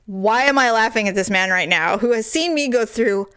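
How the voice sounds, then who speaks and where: A woman in her forties with a fairly high voice tells a story on a podcast, bouncing into quoted voices and laughing as she goes. The sound is dry and close, with no room around it. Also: normal speed, smooth, no echo. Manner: animated, acts out quoted voices, laughs often. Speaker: podcast co-host. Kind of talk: casual storytelling chat.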